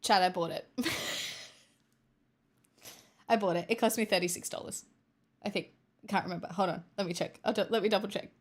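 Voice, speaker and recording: A woman's voice: medium pitch, fairly even intonation, brisk, long pauses. A young woman streamer chatting casually with her viewers, giggly and rambling. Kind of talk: casual live-stream chat.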